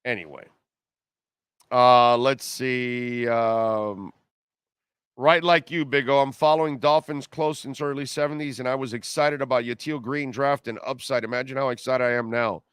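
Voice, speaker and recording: A man's voice: mid-range voice, moderate pace, a bit bright, smooth, no echo, clean studio sound. A man hosting a live sports radio show, ranting sarcastically and reading listener comments. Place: car dealership live broadcast.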